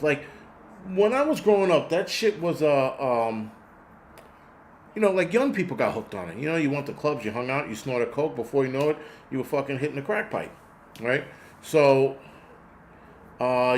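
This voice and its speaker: A man's voice: medium pitch, a little hiss or hum. A man hosting a casual talk stream, telling a rambling street story with blunt, profane language and lots of fillers. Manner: rambling, answers viewer donations mid-story. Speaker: host. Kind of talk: casual chat.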